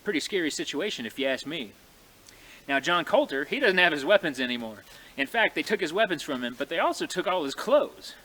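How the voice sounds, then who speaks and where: Folksy guy spinning a frontier yarn out in the snowy woods, bright voice, a bit high. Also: a little fast. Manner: folksy, animated, talks to the audience. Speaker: living history storyteller. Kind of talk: folksy oral storytelling.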